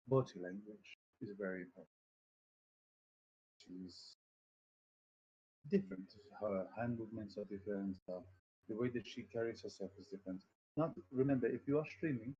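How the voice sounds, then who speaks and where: A man's voice: lowish voice, mellow, muffled recording, a little hiss or hum. A man casually teaching voice acting on a stream, rambling, swearing freely and poking fun at himself. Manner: rambling, profane, self-deprecating.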